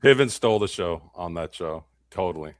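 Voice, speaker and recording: A man co-hosting a podcast, chatting about sports in short, laid-back comments. His voice is fairly low. The recording is close and dry. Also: animated, a little fast, no room sound. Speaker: podcast co-host. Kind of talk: casual sports chat.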